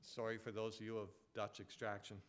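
A male pastor preaching a sermon, emphatic, repeating words and dropping from loud points to quiet asides. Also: lowish voice, completely flat delivery, fairly quick, clean tone.

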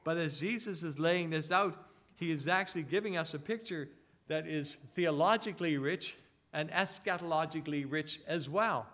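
A man delivers a sermon in a conversational preaching style, his voice sitting a little higher than most. He throws rhetorical tag questions at his listeners and slows down to read scripture deliberately. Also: a bit bright. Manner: reads scripture slowly and deliberately. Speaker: pastor.

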